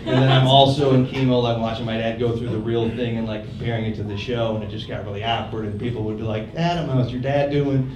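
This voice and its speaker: A young man doing a stand-up set in a comedy club, deadpan with quiet mumbled asides. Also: on the low side, quick pace, few pauses. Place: comedy club stage, live audience. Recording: roomy club audio from a distance, loud noise.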